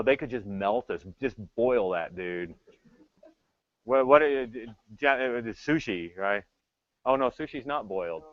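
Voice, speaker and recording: A middle-aged man giving a tech talk, telling stories in an animated, joking way. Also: medium pitch, no echo, lo-fi sound. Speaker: tech speaker. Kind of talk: storytelling keynote talk.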